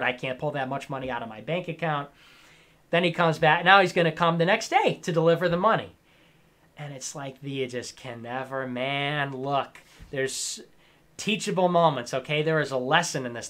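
A man in his twenties giving a sarcastic, lecturing rant on a livestream, sometimes bursting into shouts. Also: a little high. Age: 20s. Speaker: streamer. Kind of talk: ranting livestream commentary.

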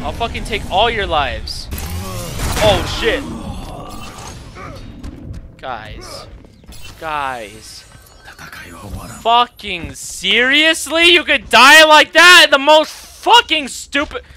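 High-pitched raging gamer guy. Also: takes it slowly, soft background music. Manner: raging, swearing, shouting at other players. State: voice cracking from yelling. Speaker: gaming YouTuber. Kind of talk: angry live gameplay commentary.

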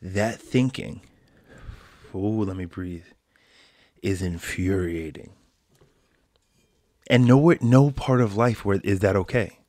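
A man with a low voice hosts a solo podcast and rants at length in loose, slangy speech, tossing in "bro." The sound is dry and close, with no room around it. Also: slow, long pauses, no echo. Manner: animated ranting, slangy, says bro. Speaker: podcast host. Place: home, quarantine.

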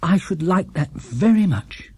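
A man's voice: sits high, lively intonation, dark tone, husky, no echo, voice pushed up, heavily acted. A man voicing a small, polite young bear. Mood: delighted. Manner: polite, earnest, unhurried.

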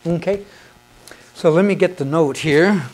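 A man's voice: on the high side, measured pace, a little mellow, a little hiss or hum. A man teaching hymn conducting in an instructional video, patient and encouraging, counting beats aloud and asking questions that he answers himself.

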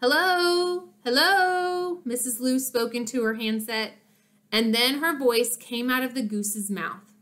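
A woman narrating a children's chapter book in an expressive storytelling manner. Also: a little high, unhurried. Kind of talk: children's audiobook reading.

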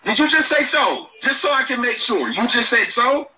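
A man's voice: very high-pitched, big pitch swings, normal speed. A man arguing defensively on a phone-in show, cursing and cutting in. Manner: defensive, argumentative, cusses. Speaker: show host on a phone-in clip. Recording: muffled clip with faint noise.

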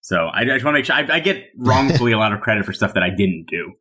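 A man's voice: fairly low pitch, very fast, breathy edge. A man guest on a tech podcast, talking casually and animatedly with many "like"s and restarts. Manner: animated, filler-heavy storytelling.

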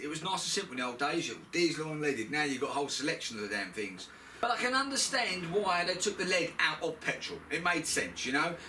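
With slight background noise behind him, a middle-aged man from the United Kingdom, a mechanic vlogger, chats bluntly through fixing a scooter in a workshop, cursing as he goes. It's a casual repair tutorial, delivered in a pushed, bright voice on the high side.

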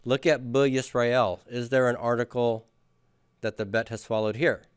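A man's voice: medium pitch, steady tone, moderate pace, clean tone, no room sound, studio quality. A man teaching a class, patiently drilling students and having them repeat after him. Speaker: Hebrew grammar teacher. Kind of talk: classroom lecture with questions.

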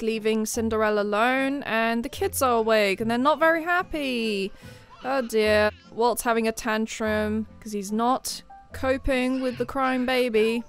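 Excitable woman gameplay commentator, fairly high voice, quick shrieks of surprise, soft music behind. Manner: excitable, with sudden shrieks and exclamations. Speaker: game commentator.

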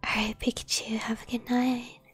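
A woman streamer whispering softly while she plays a game and chats with viewers, giggling between drawn-out words in a whispered role-play, close to the microphone. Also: a little high, flat delivery, slightly rough. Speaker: live streamer.

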